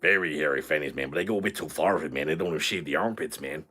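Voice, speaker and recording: A livestream host voices a crude, boastful character, bantering rowdily with swagger and sounding tipsy from shots. His full character voice rumbles low yet comes out pushed and bright, slightly rough, and very fast.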